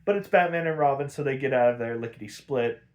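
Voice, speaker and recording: This man hosts a podcast, his voice mid-pitched and his delivery quick. Loose and profane, he runs through a cartoon episode's events, often laughing and leaning heavily on fillers.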